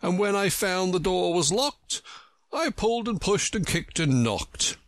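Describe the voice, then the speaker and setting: A man's voice: high-pitched, lively intonation, unhurried, no room sound, voice pushed up. A man voicing a proud, touchy egg-shaped storybook figure, reciting verse in a lofty, pompous way.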